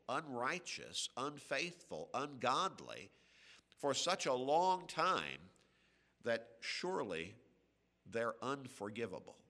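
A man preaching a radio sermon, slow and emphatic, with dramatic pauses between phrases. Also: medium pitch, sharp tone, big-room sound.

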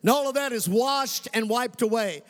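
High-voiced Kentucky preacher in a reverberant hall. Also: male voice. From Western Kentucky. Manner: preacher's cadence, slowing for emphasis, calling on the congregation. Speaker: pastor. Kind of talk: sermon.

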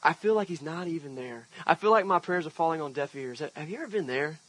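A man's voice: fairly high pitch, animated, fast talker, fairly bright tone, rough recording. A man preaching an outdoor sermon as pastor, telling a personal story in a conversational way with emphatic swells. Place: outdoor park service.

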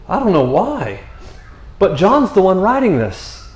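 A man's voice: high-pitched, big pitch swings, moderate pace, darkish tone, reverberant. A man preaching a passionate, conversational sermon from a church stage, often asking "you know what I mean?". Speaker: pastor. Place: church sanctuary.

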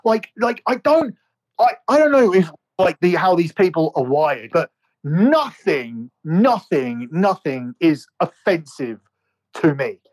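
A man's voice: a little high, sing-song, slow pace, a little mellow, rough recording. A man co-hosting a podcast in casual chat, rambling and restarting his sentences in a start-stop way. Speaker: podcast co-host.

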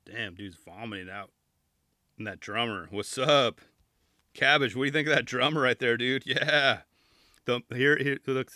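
A man's voice: mid-range voice, pushed and bright, dry recording, studio quality. A man hosting a podcast, chatting casually and joking as he flips through a magazine, with rambling asides and playful pleading. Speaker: podcast host. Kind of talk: casual chat reviewing a magazine.

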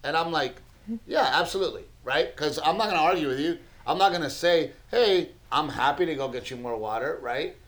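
A man's voice: on the high side, fairly quick, a bit bright. A man co-hosting a podcast, telling an exasperated story in casual banter and acting out both sides of the argument. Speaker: podcast co-host. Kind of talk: casual bickering podcast chat.

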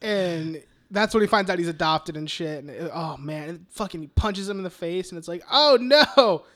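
Excitable swearing man on a podcast. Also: on the high side, brisk. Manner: excited retelling, heavy swearing; acts out lines in put-on voices. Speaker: podcast co-host. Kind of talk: casual film discussion.

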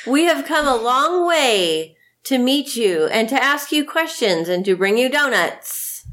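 Woman player, mock-grand and high. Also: sing-song, measured pace, fairly bright tone. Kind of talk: playing a tabletop game.

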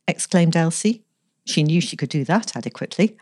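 Low, mellow woman reading a story. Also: moderate pace, no echo, clean studio sound. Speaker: story reader. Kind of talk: scripted narration with light character voices.

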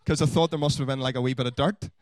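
A man preaching a sermon, swinging from loud exhortation to quiet asides. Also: mid-range voice, racing, no room sound. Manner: animated, rising to loud exhortation then dropping to quiet asides.

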